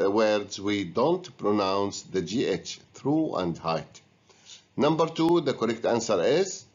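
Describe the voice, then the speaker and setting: A male teacher walks students through a grammar and pronunciation lesson in a slow, patient way. His voice sits a little low. The recording sounds dull and lo-fi. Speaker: English teacher.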